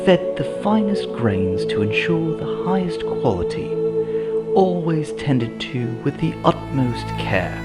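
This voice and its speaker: A man putting on a British accent to voice a refined advert announcer with a lilting sales pitch. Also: full character voice. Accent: put-on British. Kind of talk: mock radio advert. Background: music.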